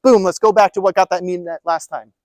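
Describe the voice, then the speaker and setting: Emphatic high-voiced man presenting. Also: fairly even intonation, fairly quick, a little mellow, no room sound. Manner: emphatic, rhetorical questions, repeats himself. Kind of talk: live presentation to caregivers. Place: presentation room.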